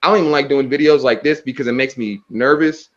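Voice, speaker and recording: A man's voice: fast, highs cut off. A man telling a story in a casual interview, swearing freely and acting out what people said. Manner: animated, acts out quotes with big pitch jumps; swears freely, restarts often. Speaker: guest.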